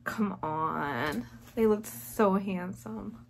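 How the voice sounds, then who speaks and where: A woman's voice: medium pitch, very slow, creaky, slight background noise. A young woman hosting a music video reaction, gushing and exclaiming, now and then dropping in Japanese words. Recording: faint music behind.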